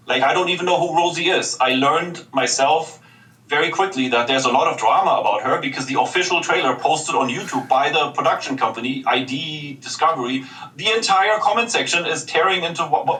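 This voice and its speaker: A man's voice: a little high, bright, forceful tone. A man with a German accent recounting events in a rambling, repetitive way on a livestream clip. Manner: rambling, repeats himself. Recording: echoey, distant, noisy clip.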